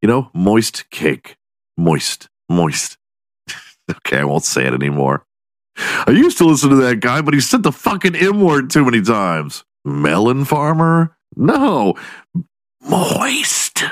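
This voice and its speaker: A man's voice: medium pitch, sing-song, unhurried, no echo, studio quality. A man hosting his own podcast, rambling crudely through a comedic monologue and laughing at his own jokes. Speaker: podcast host.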